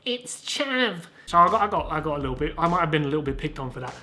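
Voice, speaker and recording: A man's voice: on the high side, rapid-fire, sharp tone, a little hiss or hum. Sweary young man with a Southern English accent. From Southern England. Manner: sweary, rambling, self-mocking. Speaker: YouTuber host. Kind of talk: casual comedic commentary.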